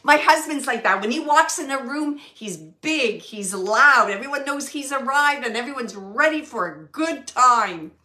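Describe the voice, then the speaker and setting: A woman giving a spirit reading as a medium, rambling and halting with many fillers and frequent laughs. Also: high-pitched, lively intonation, bright, forceful tone.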